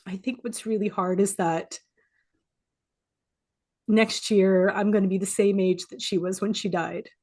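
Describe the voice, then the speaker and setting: Soft-spoken woman sharing heartfelt memories. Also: mid-range voice, fairly even intonation, measured pace, long pauses. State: teary. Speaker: support group speaker. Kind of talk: personal sharing, reflective. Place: home office. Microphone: home office video call.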